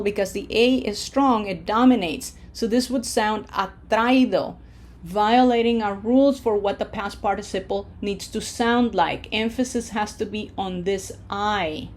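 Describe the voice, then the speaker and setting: A woman teaching a Spanish verb lesson, modeling each word slowly and stressing the syllables. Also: mid-range voice. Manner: slow, deliberate modeling of words, stressing syllables. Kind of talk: language lesson with drills.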